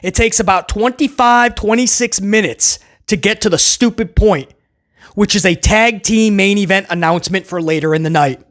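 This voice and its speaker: A man's voice: high voice, normal speed, fairly bright tone. A man hosting a casual wrestling review, talking sarcastically and rambling with stammered restarts. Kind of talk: casual video review rant.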